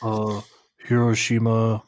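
A man's voice: fairly low pitch, completely flat delivery, slow pace, dry recording. A man co-hosting a podcast in casual chat, joking and teasing, breaking into goofy voices. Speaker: podcast co-host.

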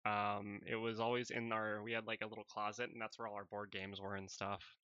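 A man's voice: on the low side, flat delivery, fairly quick, bright, forceful tone, dry recording. A man hosting a casual podcast chat, joking loosely and swearing freely. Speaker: podcast host. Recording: dull dry recording.

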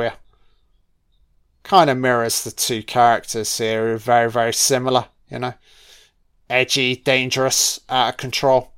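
A man's voice: mid-range voice, clean tone. A man giving a casual, jokey film commentary, swearing constantly. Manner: profane, jokey, heavy swearing.

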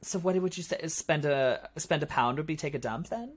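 A woman's voice: low-pitched, moderate pace, husky. A woman co-hosting a podcast, playful and self-deprecating in casual chat. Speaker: podcast co-host.

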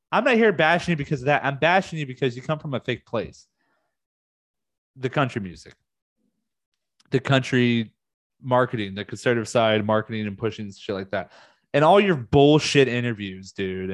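A man's voice: no echo, clean studio sound. Heated, profane man ranting on a vlog. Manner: heated, profane, with sudden high-pitched outbursts. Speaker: music fan ranting on video. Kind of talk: casual rant.

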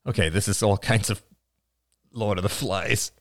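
A man voicing Ian, a gruff young man who sounds uneasy and startled. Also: lowish voice, moderate pace, no echo, close to an everyday voice.

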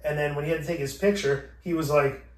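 A man's voice: fairly high pitch, fast. Profane man telling a story in an echoey room. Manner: profane, animated, acting out both sides of the exchange. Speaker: podcast host. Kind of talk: casual storytelling. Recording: echoey room, distant from mic.

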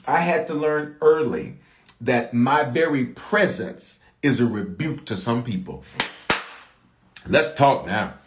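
A man's voice: fairly high pitch, measured pace, reverberant. A man preaching a sermon as bishop, calling out to his congregation for response. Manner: animated, calls out to the congregation for response.

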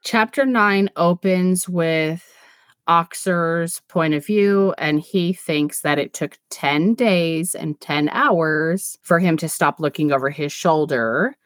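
Low-pitched woman, book podcast co-host; frank, chatty recapper with dry, close sound. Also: slow, no echo. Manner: recaps the plot and reads passages aloud; frank and swears casually. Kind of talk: casual book discussion.

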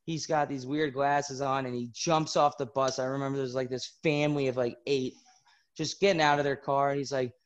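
A podcast host casually telling a story, animated and laughing through it. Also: male voice, mid-range voice, a little fast.

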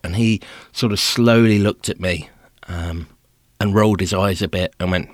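A male podcast host spinning a self-deprecating comic story, animated and quick to laugh at himself. His voice sits low with a husky grain, recorded close in a dry space. The telling moves between rushed panic and drawn-out emphasis. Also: dry recording.

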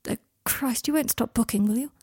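A woman voicing a guarded, emotional young male wizard in a quiet, shaky, self-conscious way. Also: a little high, brisk, breathy edge, no echo, studio quality. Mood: anxious.

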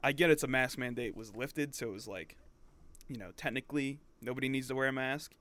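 A man's voice: mid-range voice, fairly quick, a bit bright. A young man co-hosting a casual podcast, laid-back and agreeable, chuckling often. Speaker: podcast co-host. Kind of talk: casual chat.

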